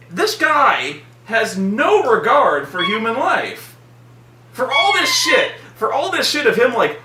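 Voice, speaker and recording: A man's voice: high-pitched, slow pace. A man hosting a vlog, ranting casually and profanely about a film. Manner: profane, animated ranting with mocking put-on voices. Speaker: vlog host. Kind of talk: casual movie-review rant. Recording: echoey room, mic at a distance.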